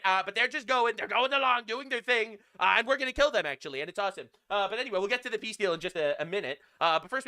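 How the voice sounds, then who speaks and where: Male streamer, high and very bright voice, crude sarcastic news rants. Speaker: live-stream news commentator. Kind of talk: ranting news reaction stream.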